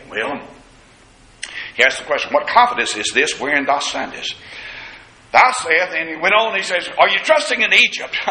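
A man's voice: fairly high pitch, bright, forceful tone. A man preaching a sermon, dramatically acting out the scripture quotes. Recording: echoey church room.

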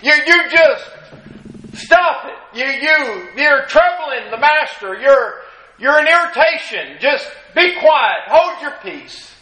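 A male preacher voicing an impatient crowd that scolds a beggar to be quiet. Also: very high voice, expressive, takes it slowly, pitched above the performer's own voice, full character voice. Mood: scolding. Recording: echoey room.

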